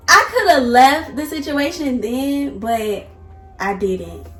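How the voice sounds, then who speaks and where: Animated woman telling a storytime. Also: sits high, a little slow, echoey room, faint music behind. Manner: animated, emphatic, talks straight to viewers. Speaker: vlogger. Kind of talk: casual storytime.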